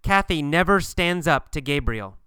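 A man teaching an English pronunciation lesson, asking and answering his own questions deliberately. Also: fairly high pitch, lively intonation, bright, forceful tone, clean tone, no room sound, studio quality. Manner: slow, deliberate, repetitive questioning.

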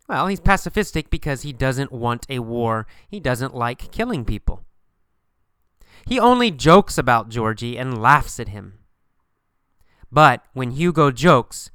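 Slow, bright-voiced man teaching by questions. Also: fairly high pitch, clean tone, no room sound, studio quality. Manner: asks and answers his own questions, repetitive, emphatic. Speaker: English teacher. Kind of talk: question-and-answer story lesson.

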